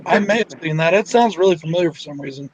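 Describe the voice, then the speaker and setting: A man's voice: on the high side, fast talker, highs cut off, a little hiss or hum. A man hosting a casual group chat online, laid-back and swearing casually. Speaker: host.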